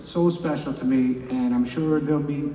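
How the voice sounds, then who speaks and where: A middle-aged man giving a commencement speech, sincere and emotional, halting and repeating himself. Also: medium pitch, fairly even intonation, mellow. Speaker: commencement speaker. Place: large ceremony venue with an audience. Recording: echoey hall, distant mic, crowd noise.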